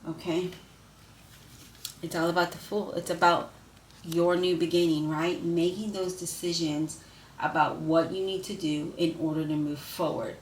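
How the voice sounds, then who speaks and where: A woman's voice: lowish voice, unhurried. A woman giving a casual spoken tarot reading, effusive and emotional, who keeps asking "right?" and calling her viewers "you guys". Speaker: tarot reader. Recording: echoey room with steady noise.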